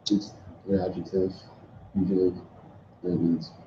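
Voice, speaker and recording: A man's voice: low voice, level tone, measured pace, noisy background. A man answering a teacher's question in class with short, hesitant answers. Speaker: student. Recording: distant, roomy, dull classroom recording.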